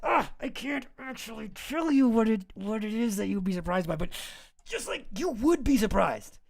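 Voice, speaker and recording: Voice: medium pitch, big pitch swings, normal speed, gravelly. A streamer mocking a smug comic villain. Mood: flustered. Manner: mock-grand, stumbling over his own reveal. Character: smug grandstanding male comic-book villain.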